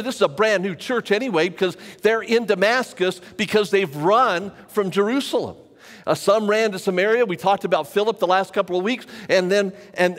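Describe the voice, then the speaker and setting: A pastor preaching a sermon to a live congregation in a church, talking conversationally and repeating phrases for emphasis. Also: male voice, high voice. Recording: long church reverb.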